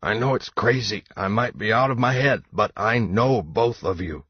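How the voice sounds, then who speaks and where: A man's voice: fairly low pitch, normal speed, breathy edge, no echo, voice pushed up. A man voicing a sick, desperate young man who pleads urgently, in a dull lo-fi audiobook recording. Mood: pleading. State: weak and unwell.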